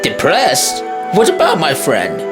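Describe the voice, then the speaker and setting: A woman voicing a kind but bossy male workshop engine who coaxes and scolds, over loud music. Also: low-pitched, wildly swooping pitch, takes it slowly, heavily acted. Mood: coaxing. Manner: coaxing, scolding.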